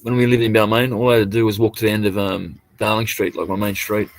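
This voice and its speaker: Laid-back Australian man, lowish voice. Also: flat delivery, quick pace, no room sound. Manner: rambling, laid-back, swears casually. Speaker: live streamer. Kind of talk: casual live stream chat.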